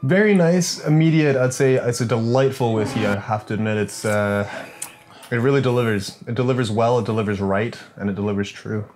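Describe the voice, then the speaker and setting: A man's voice: mid-range voice, steady tone, fairly quick, music in the background. A man co-hosting a comedic whisky review, playful and enthusiastic, often repeating himself. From Canada. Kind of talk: comedic banter.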